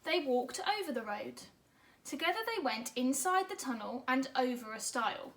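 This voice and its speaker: A fairly high-voiced woman teaching an online grammar lesson to young children. She sounds upbeat and encouraging, and she slows right down to spell words out letter by letter. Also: lively intonation, a bit bright. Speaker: primary school teacher.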